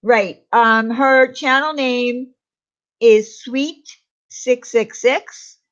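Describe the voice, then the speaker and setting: A woman co-hosting a casual live chat show, talkative and quick to laugh, trailing off between thoughts. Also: on the high side, fairly bright tone, highs cut off. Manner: chatty, laughs often, trails off. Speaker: livestream co-host.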